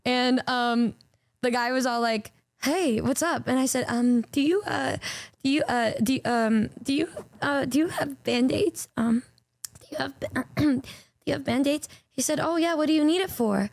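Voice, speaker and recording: A young woman VTuber spins stories for her chat in a high, bright-toned voice, stumbling over restarts and swearing freely. The recording is close and dry, with no room sound. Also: no echo. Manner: animated, swearing, stammering, quick restarts. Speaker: VTuber streamer. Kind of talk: casual storytelling to stream chat.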